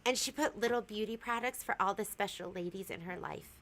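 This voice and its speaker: A woman's voice: mid-range voice, fairly quick, fairly bright tone. A middle-aged woman hosting a sewing shop stream, chatting casually and explaining sewing steps with little fillers. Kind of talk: casual chat.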